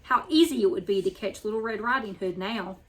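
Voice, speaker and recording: A woman hosting a weekly story time, reading a picture book aloud in an even storytelling manner. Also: mid-range voice, a little fast, a little hiss or hum. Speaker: storyteller host.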